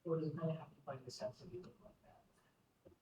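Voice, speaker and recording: A man's voice: a little high, wildly swooping pitch, brisk, slightly rough. A male student hesitantly asking a question in class, heard faintly from across the room. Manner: hesitant, soft-spoken. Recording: faint, dull, from far off.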